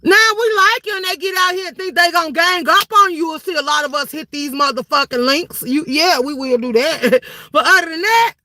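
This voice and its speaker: Brash high-pitched woman ranting on a livestream. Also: fairly quick. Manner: brash, profane, with frequent shouted outbursts. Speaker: livestream commentator. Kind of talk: heated live-stream commentary.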